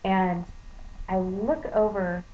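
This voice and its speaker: A woman's voice: medium pitch, level tone, slow pace, highs cut off. A woman vlogger telling a story in a casual monologue, earnest and indignant. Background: faint storm noise.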